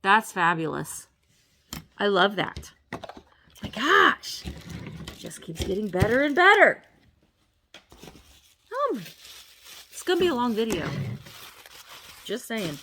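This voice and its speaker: Woman reseller unboxing stuff, bright lively voice, gushes over every little thing, chats to the trinkets. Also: mid-range voice, slow pace, pauses often, a little hiss or hum. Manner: gushing, exclaims over each item; talks playfully to the objects. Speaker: reseller vlogger. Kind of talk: casual unboxing chat.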